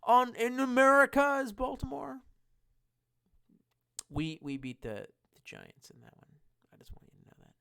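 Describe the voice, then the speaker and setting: A drunk man streaming, reading chat aloud and rambling with constant swearing and sudden loud outbursts. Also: on the high side, wildly swooping pitch, moderate pace, gravelly, pauses often. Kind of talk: casual live-stream chat.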